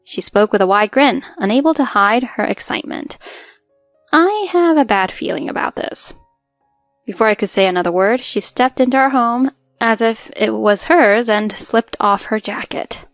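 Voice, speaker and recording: A woman's voice: on the high side, lively intonation, normal speed, dry recording, clean studio sound, faint music behind. A woman in her twenties narrating a scripted first-person story in an earnest, hurt way. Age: 20s.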